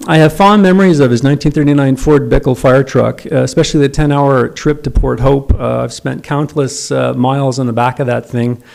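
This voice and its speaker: A man's voice: mid-range voice, fairly even intonation, brisk, gravelly, few pauses, a little mellow. A middle-aged man giving a eulogy for his father, telling wry, self-deprecating stories at a memorial service. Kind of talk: memorial eulogy with humorous anecdotes.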